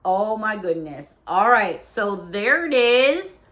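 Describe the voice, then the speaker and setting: A woman's voice: medium pitch, sing-song, takes it slowly, fairly bright tone. A middle-aged woman vlogger chatting casually and cheerfully as she unboxes a haul, exclaiming over each item.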